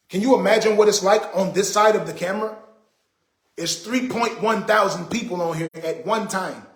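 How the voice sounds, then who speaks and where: Exasperated guy on a livestream, kinda high voice, preachy, roomy echo. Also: a bit bright. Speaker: livestream host. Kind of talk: casual livestream monologue.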